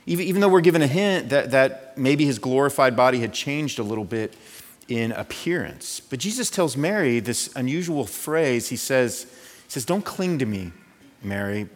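A man's voice: mid-range voice, lively intonation, normal speed. Conversational male pastor in a reverberant hall. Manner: conversational, asks "right?" often. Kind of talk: sermon.

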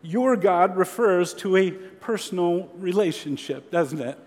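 A man preaching a sermon as a pastor, earnest and measured, with slow emphatic pauses. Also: sits high, lively intonation, a little mellow. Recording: long hall reverb.

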